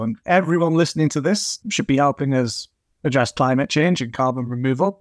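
A man being interviewed as a new CEO, answering in an earnest, measured way. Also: medium pitch, no echo, studio quality.

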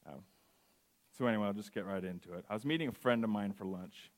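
Male guest preacher, 40s, lowish voice, earnest sermon delivery. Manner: earnest, reads scripture then slows into a personal testimony.

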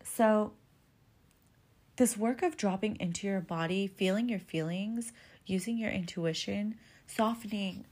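A woman's voice: medium pitch, darkish tone. A woman hosting a podcast, giving relationship advice in a candid, casual monologue that is full of swearing and "like" fillers. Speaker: podcast host.

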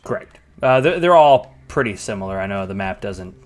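A man's voice: lowish voice, expressive, brisk. A man acting as game master, narrating scenes and calling for checks in a casual, filler-heavy way. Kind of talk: narrating and ruling a tabletop game.

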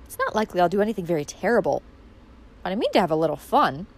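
A woman's voice: lowish voice, very animated, rapid-fire. A woman reading an audiobook voices a bold young woman who speaks lightly, mockingly and defiantly to her family. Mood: breezy.

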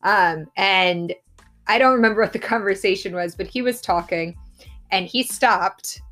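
Fast chatty Philly woman co-host. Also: mid-range voice, a bit bright, soft background music. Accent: Philadelphia. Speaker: podcast co-host. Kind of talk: casual chat.

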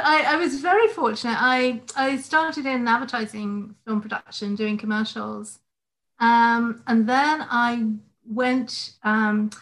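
A middle-aged woman from England, a guest on a podcast over a video call, talking in a friendly, relaxed way with many ums. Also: a little high, rough recording. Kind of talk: casual interview chat.

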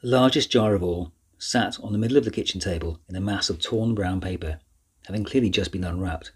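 A man narrating a children's novel in an even, measured storytelling voice. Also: low-pitched, husky. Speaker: audiobook narrator. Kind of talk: scripted narration.

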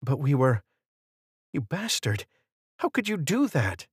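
A male narrator playing a betrayed young woman, her voice tearful and pleading. He lifts his pitch far above his normal low register. The take is dry and close. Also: very animated, unhurried, no echo.

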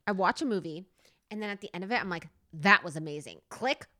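Female podcast co-host, excitable and teasing, bright tone. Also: medium pitch, fast talker. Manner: playful, excitable, rambling. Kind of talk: casual movie podcast chat.

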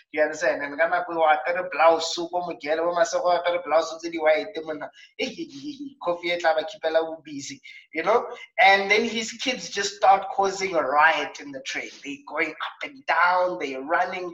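A South African man hosting a coaching talk show, telling stories in a lively way with acted asides. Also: fairly high pitch, reverberant, distant mic, dull audio. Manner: animated storytelling with acted asides.

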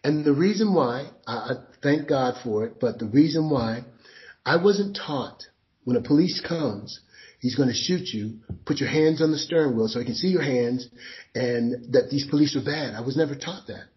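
A man's voice: mid-range voice, moderate pace. Emphatic storytelling man, dull recording. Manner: emphatic storyteller, acts out scenes. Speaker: interview guest. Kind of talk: conversational interview.

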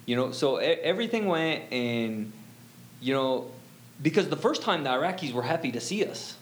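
A man's voice: mid-range voice, expressive, normal speed, slight background noise. A middle-aged man telling a personal story as an interview guest, rambling and full of "you know" fillers.

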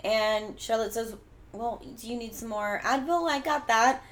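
A woman's voice: on the high side, a little slow. A woman co-hosting a casual podcast, retelling a TV episode and acting out the characters' lines. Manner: relaxed storytelling, acting out quotes. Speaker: podcast co-host recapping a TV episode. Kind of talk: casual chat.

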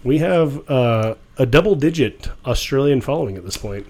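Joking man with a lively, bouncing voice. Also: medium pitch, normal speed. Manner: joking, teasing, animated. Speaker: podcast co-host. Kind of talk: casual chat.

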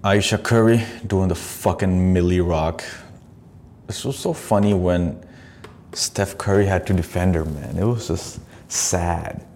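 A man with a very low, gravelly voice riffs profanely through clips and cuts in with mocking asides. He talks casually like a podcast host, with a faint hiss behind him. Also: measured pace, darkish tone.

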